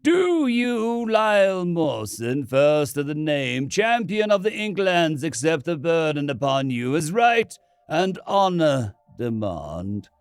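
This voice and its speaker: A solemn priest drawing out every word of an ancient rite, pitched above the reader's usual voice and rising and falling in wide sweeps. He is put on by a man narrating a storybook tale. The delivery is dry and close, with no room sound. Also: very animated, clear, resonant tone, dry recording, heavily acted. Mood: solemn, ritual. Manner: slow, ceremonial intoning. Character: solemn chanting middle-aged male priest.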